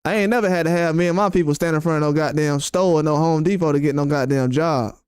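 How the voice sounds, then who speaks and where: Heated, high-voiced male streamer ranting. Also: quick pace, a little mellow, clean tone, no echo. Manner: profane, blunt and repetitive. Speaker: boxing YouTuber host. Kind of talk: heated live-stream rant.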